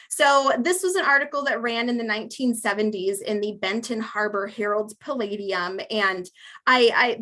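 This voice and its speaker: A woman with a fairly high voice gives a relaxed public history talk. She tells her stories in a chatty, amused way, full of ums and asides. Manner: chatty, amused, with many fillers. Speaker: museum lecture speaker.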